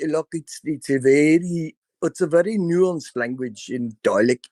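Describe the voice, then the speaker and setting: A man's voice: medium pitch, measured pace, hardly any pauses, mellow, dry recording, studio quality. A man, a voice actor guest, talking earnestly and emphatically in a casual call, often repeating himself. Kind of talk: casual video call chat.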